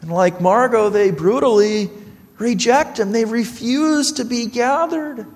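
A man's voice: very high voice, in a large hall. A man preaching a sermon as a pastor, earnestly retelling a story and acting out its dialogue.

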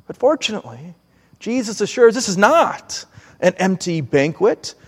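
Male preacher, high-pitched, earnest measured delivery, reverberant space. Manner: earnest, measured preaching with acted pleading quotes. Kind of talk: sermon.

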